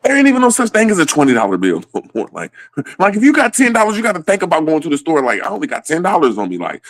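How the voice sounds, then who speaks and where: A man's voice: high-pitched, huge pitch swings, quick pace, no echo. A man in a casual comedic rant, swearing freely and laughing often in the middle of his sentences. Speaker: comedic ranter.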